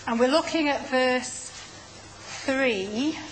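A woman's voice: high voice, a little hiss or hum, low-quality recording. A woman teaching a Bible study class, patiently explaining and calling on people to read. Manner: slow, patient, explaining and prompting readers.

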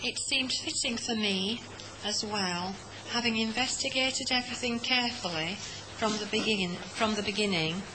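A woman's voice: a little high, background noise. A woman in a Bible class carefully reading a scripture passage aloud.

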